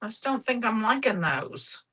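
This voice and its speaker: A woman's voice: a little high, expressive, normal speed, fairly bright tone, slightly rough, rough recording. A middle-aged woman hosting a live craft demonstration, chatty, homey and affectionate. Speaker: craft show host.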